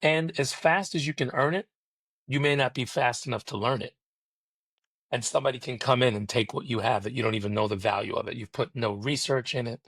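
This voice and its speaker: A man's voice: medium pitch, a little fast, a bit bright, no echo. Man, guest on a podcast call, preachy rhythmic delivery, dry close sound. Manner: preachy, rhythmic, emphatic storytelling. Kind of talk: motivational podcast interview.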